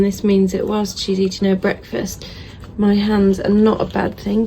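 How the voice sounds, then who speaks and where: A woman gives a casual dog-training lesson at home, holding her phone as she hand-feeds a puppy. Her voice is mid-pitched and often drops to soft murmurs of praise. A faint hiss of background noise sits under the recording. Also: flat delivery, measured pace, creaky, hardly any pauses. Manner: hand-feeding a puppy while filming on a phone. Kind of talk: casual instructional talk. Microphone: phone held in hand.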